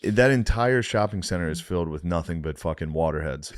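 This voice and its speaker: A man's voice: low voice, animated, brisk, no echo. A man co-hosting a podcast, telling an exasperated, profane story in casual chat with bursts of laughter. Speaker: podcast co-host.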